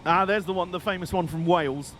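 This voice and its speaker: A man giving excitable, jokey, mock-outraged live commentary while streaming a game. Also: high-pitched, a little fast, slight background noise.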